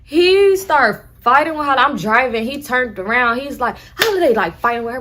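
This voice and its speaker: Young woman, casual storytime, slangy and profane, slightly high voice. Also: animated, a little fast, hardly any pauses, sharp tone, a little hiss or hum.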